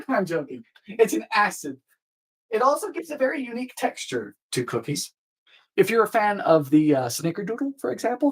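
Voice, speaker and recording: A man hosting a live baking stream, chatting playfully with viewers, trailing off and restarting, with sudden high squeals. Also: very animated, fairly quick, a bit bright, breathy edge, low-quality recording. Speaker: baking show host.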